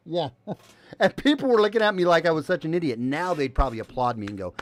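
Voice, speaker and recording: A man hosting a casual news commentary stream, sarcastic and animated, swinging between loud remarks and muttered asides. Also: on the high side, fast talker. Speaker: host.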